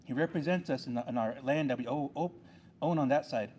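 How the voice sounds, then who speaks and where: A man's voice: mid-range voice, a little fast, dark tone, slight background noise. A man serving on a tribal council, giving an earnest ceremony speech with a repetitive, rallying delivery.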